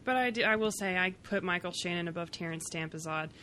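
A woman's voice: on the low side, fast, sharp tone, slight background noise. A woman co-hosting a casual podcast chat, blunt and swearing, sitting a bit far from the mic. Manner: blunt, swearing, laughs often. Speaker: podcast co-host. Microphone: too far from the mic.

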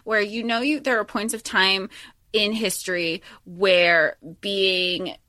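A woman co-hosting a casual film podcast, animated and swearing, acting out lines in voices. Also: medium pitch, takes it slowly, no echo, clean studio sound. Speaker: podcast co-host. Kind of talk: casual chat about a film.

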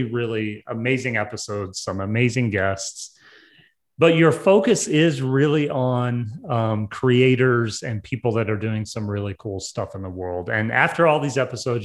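A man with a Southern American accent hosting a podcast interview, upbeat and chatty with frequent fillers. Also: medium pitch. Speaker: podcast host. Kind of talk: casual interview.

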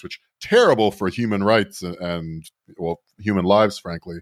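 A low-pitched man talks through the news on a podcast, sardonic and rambling, tripping over his own restarts. The sound is dry and close, with no room around it. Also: moderate pace, few pauses, no echo. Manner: sardonic, rambling, frequent self-corrections. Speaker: podcast co-host. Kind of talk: casual political podcast banter.

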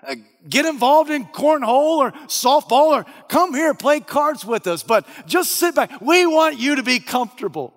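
A preacher playing a smug camp boss. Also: male voice, a little high, big pitch swings, unhurried, pauses often, in a large hall. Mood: cheerful coaxing. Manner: cheerfully coaxing, then drawling and dismissive. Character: complacent man running a camp, easygoing, dismissive.

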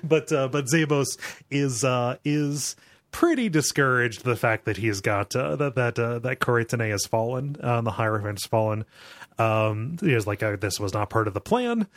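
A man co-hosting a podcast, chatting casually and hesitantly, full of filler words and frequent laughs. His pitch is middle, and the dry close recording has no room sound. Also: normal speed, dry recording. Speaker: podcast co-host. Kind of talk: casual chat.

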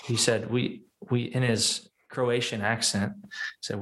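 A Midwestern man with a mid-pitched, ordinary voice co-hosts a relaxed ministry chat. He is playful and interjects easily, with the odd "um" and "like". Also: slow pace, rough recording. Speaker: ministry co-leader and co-host. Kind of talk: casual conversational chat.

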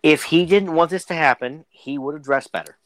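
A man's voice: fairly high pitch, a little fast, dry recording, poor audio. A man co-hosting a podcast, chatting casually with friends, rambling and joking with frequent restarts. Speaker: podcast co-host. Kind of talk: casual banter among friends.

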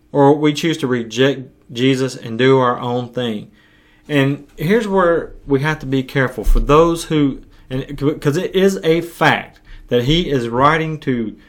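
A man preaching a podcast sermon as pastor, earnest and urging, with his voice going hoarse. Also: medium pitch. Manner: earnest, urging, slow deliberate pauses. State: losing his voice.

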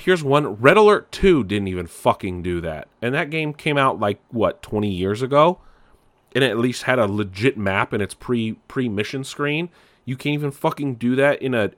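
Low-voiced man ranting about a game. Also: fairly bright tone, no echo. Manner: exasperated, swears a lot, many restarts. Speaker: game reviewer. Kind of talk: casual ranting review.

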